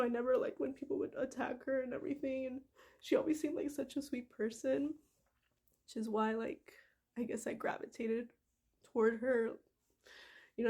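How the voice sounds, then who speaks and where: A woman's voice: on the high side, mellow, slightly rough. A woman vlogging casually, reading passages aloud and talking with lots of fillers. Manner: gushing, filler-heavy, uses "like" and "freaking". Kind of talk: casual emotional vlog.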